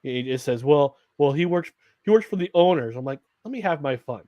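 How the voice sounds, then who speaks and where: A man's voice: fairly high pitch, expressive, a little fast, mellow, dry recording, highs cut off. A man co-hosting a live sports talk show, rambling with restarts and reading viewer comments aloud. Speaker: podcast co-host.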